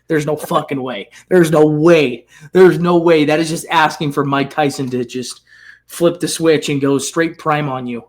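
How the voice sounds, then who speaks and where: A man's voice: fairly high pitch, moderate pace. Emphatic man repeating points. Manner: emphatic, repeats phrases for effect. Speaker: podcast co-host. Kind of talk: casual chat.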